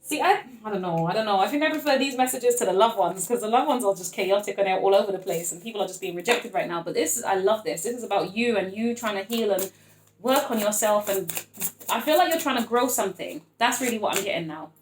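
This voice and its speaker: A woman's voice: medium pitch, lively intonation, fast talker, roomy sound, a little hiss or hum. A young woman doing a casual tarot reading to camera, gushing and emotional, and talking straight to her viewers. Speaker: tarot reader.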